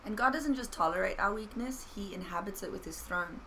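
A woman who has been a pastor, telling personal faith stories in an earnest, animated way with playful self-mockery. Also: medium pitch, a little fast, slight background noise, poor audio. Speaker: pastor and podcast guest. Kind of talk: casual faith conversation.

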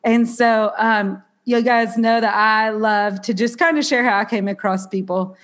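This podcast host has a Southern US accent and a slightly high, steady, a bit bright voice, speaking a little slowly. She chats casually, sounding somewhat nasal and congested, bubbly and self-deprecating.

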